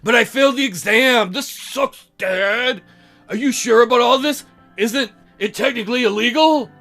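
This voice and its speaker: A man's voice: very high voice, moderate pace, creaky, pushed and bright, faint music behind, heavily acted. A man voicing a sulky, upset teenage son who talks back defensively. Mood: whiny.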